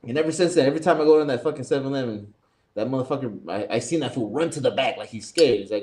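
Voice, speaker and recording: A young man co-hosting a casual podcast, telling a long, animated, profane anecdote full of reported speech. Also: mid-range voice, very fast, a little hiss or hum. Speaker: podcast co-host. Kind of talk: casual storytelling chat.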